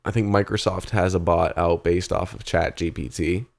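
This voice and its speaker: Young dude cohosting a chill podcast, kinda low voice, swears a lot, laughs easy. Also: male voice, steady tone, moderate pace, gravelly. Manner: loose, laughing, swearing banter. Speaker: podcast co-host. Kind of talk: casual chat.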